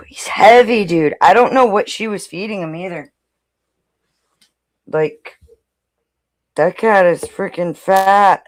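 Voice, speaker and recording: A woman's voice: mid-range voice, takes it slowly, long pauses, no echo, clean studio sound. A woman in casual chat on a stream, chatty and stopping to coo at her pets. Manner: chatty, coos and talks to her pets while speaking. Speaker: co-host.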